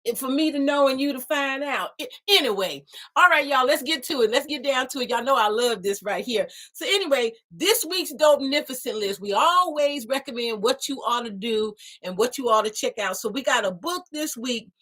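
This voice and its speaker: A woman's voice: sits high, animated, moderate pace, fairly bright tone. A woman voicing a sassy, folksy female design assistant who chats with a bubbly, teasing manner and plenty of slang. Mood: playful. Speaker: show's alter ego design assistant. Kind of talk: chatty talk-show segment in character.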